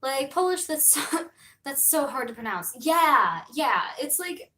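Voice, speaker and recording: A woman's voice: high voice, big pitch swings, a little slow, sharp tone, roomy sound. A young American woman streaming, chatting casually in a rambling way, full of fillers and laughs. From United States.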